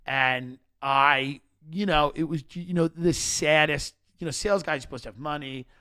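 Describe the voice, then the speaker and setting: A man hosting a comedy podcast, telling stories in animated rants with frequent restarts. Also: a little high, moderate pace, clean tone.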